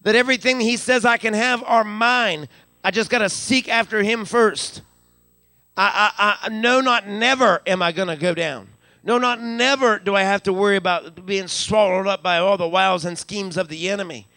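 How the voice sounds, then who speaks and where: His voice sits high, bright and forceful, at normal speed as this pastor preaches a live church sermon in the sanctuary. With a Western Pennsylvania accent, he repeats words in a stammer while building up and calls out hallelujah. Clean studio sound, no echo.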